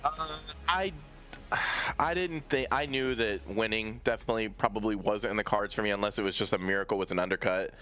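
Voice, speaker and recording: A man with a fairly deep voice talks through his race in a loose, hesitant way, stopping and restarting as he looks for words. Faint music plays in the background. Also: a little fast, sharp tone. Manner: hesitant, many fillers and restarts. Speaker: racing driver being interviewed. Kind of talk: casual post-race interview.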